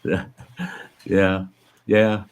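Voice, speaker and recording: A man's voice: low-pitched, flat delivery, extremely slow, clean tone. An older American man, a channel host, telling a folksy story in casual chat and chuckling as he goes. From American West.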